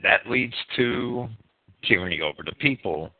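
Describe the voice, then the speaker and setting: A man's voice: mid-range voice, animated, unhurried. Man preaching over a tinny line. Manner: reads from a script, stumbles and repeats words. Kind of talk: reading a history presentation with asides. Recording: tinny phone-like sound.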